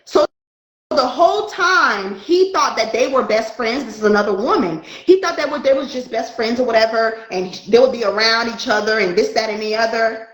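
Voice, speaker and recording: A woman's voice: on the high side, moderate pace, reverberant, rough recording. A woman, a spiritual light worker, telling a story in casual chat and acting out the dialogue. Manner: animated, acts out dialogue in her story.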